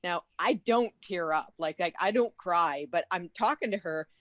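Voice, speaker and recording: A woman in her forties on a video call, telling an animated story in casual chat and swearing freely. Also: on the low side, normal speed, dry recording. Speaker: guest at a podcast meet-up.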